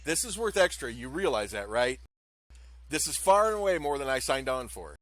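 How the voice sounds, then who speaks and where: A man's voice: mid-range voice, big pitch swings, moderate pace, a bit bright, no room sound. A man voicing a nervous, grumbling male starship pilot who talks in frantic, insistent bursts.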